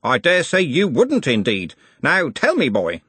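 A stern, self-important older servant who puffs himself up above his station, as a male reader puts him on. The voice is pitched above the reader's own, with a husky texture. It is recorded dry and close. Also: wildly swooping pitch, measured pace, fairly bright tone, no room sound, full character voice. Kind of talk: audiobook character voice.

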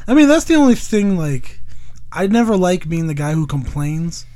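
A man's voice: high-pitched, sing-song, moderate pace, mellow. A man co-hosting a podcast in casual chat, laid-back, chuckling and chiming in with quips. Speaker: podcast co-host.

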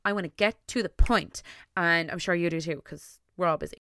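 An Irish woman hosting her own podcast, talking alone in an excitable, gushing way and rushing her words out in bursts. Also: lowish voice, dry recording, clean studio sound. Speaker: podcast host. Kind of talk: solo podcast intro monologue.

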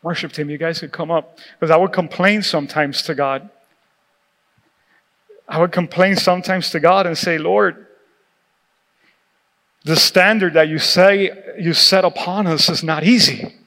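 Animated high-voiced male pastor preaching. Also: a little slow, pauses often. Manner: animated, laughing, acts out quoted voices. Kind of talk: sermon. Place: church sanctuary. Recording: reverberant church hall with music.

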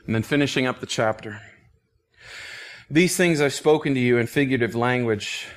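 A man preaching as a pastor, reading scripture and explaining it in an earnest, emphatic way, sometimes dropping to a hush or laughing softly. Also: mid-range voice. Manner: earnest, emphatic, with soft laughs and hushed phrases. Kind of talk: expository Bible teaching.

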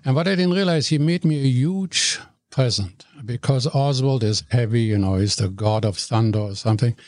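German-accented older man, lively storyteller. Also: medium pitch, moderate pace, no room sound, clean studio sound. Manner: animated storyteller, jokey, self-deprecating. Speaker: guest, radio regular. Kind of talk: interview storytelling.

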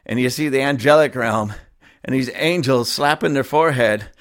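A man's voice: medium pitch, normal speed. A male pastor delivering a fiery, emphatic sermon, mocking and chuckling as he goes.

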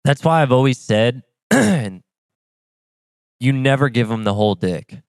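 A man's voice: mid-range voice, expressive, measured pace, no echo, clean studio sound. A man in casual podcast chat, laid-back and profane, mostly agreeing with his co-host.

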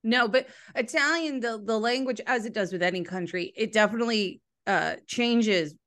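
A woman's voice: a little high, moderate pace, fairly bright tone. A woman hosting a casual interview, chatty and enthusiastic, often saying "like". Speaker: interview host.

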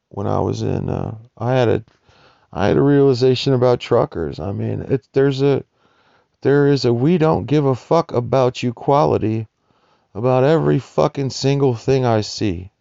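A man with a dark, gravelly voice delivers a rambling, profanity-laced monologue, agitated and wandering. The recording is dry and dull, with a lo-fi, muffled sound. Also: mid-range voice, no room sound. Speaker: vlogger describing homeless life.

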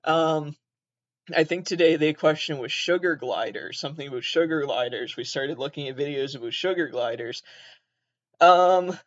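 Rambling podcast host with upper Midwestern accent. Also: male voice, on the high side, moderate pace, no echo, highs cut off. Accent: upper Midwestern / southern Canadian. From southeastern Massachusetts. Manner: rambling, self-deprecating, swears a lot, laughs mid-sentence. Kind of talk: casual solo podcast chat.

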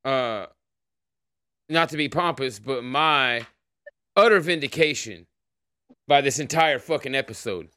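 A man hosting a loose livestream chat show, talking in a rambling, profane, offhand way. His voice is smooth and clear, sits at an ordinary middle pitch, and is recorded close and dry with no room sound. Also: animated, a little slow, pauses often, sharp tone, no echo. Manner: profane, rambling, greets chatters by name. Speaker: podcast host.

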